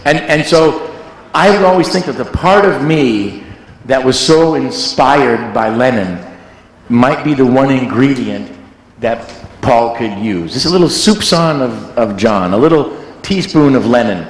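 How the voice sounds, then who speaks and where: Rambling, joking music producer, echoey hall. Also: male voice, medium pitch, normal speed. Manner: rambling, animated storyteller, joking. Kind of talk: casual interview chat.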